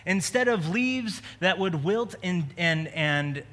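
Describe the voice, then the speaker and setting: A man's voice: high voice, expressive, slow, pushed and bright. A man preaching a sermon as a pastor, talking in a conversational way with joking asides. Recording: long reverb of a large hall.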